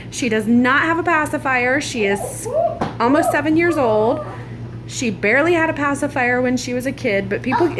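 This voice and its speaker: A mother filming a casual family vlog at home, teasing playfully and laughing often. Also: fairly high pitch. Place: at home, kitchen. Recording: home video with dishwasher noise.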